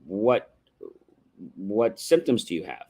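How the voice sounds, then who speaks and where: A man's voice: lowish voice, big pitch swings, slow pace, mellow. Man teaching on a livestream. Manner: instructive, contrasts yes-no questions with open ones; rhetorical, often adds "right?". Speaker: livestream host. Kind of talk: motivational livestream talk. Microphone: livestream microphone.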